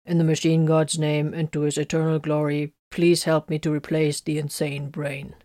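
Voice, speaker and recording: A woman's voice: low voice, flat delivery, moderate pace, mellow, no echo, lightly acted. A woman voicing a humble, scratchy-voiced male tech-priest with a mechanical manner. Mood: formal. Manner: formal, humble.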